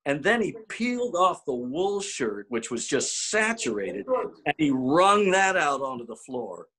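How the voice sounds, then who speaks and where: A man with a slightly high, husky voice spins an old clubhouse tale. He acts out each quote and trips over repeated words as he gets excited. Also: measured pace. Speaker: former ballplayer telling a clubhouse story. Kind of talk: anecdotal storytelling.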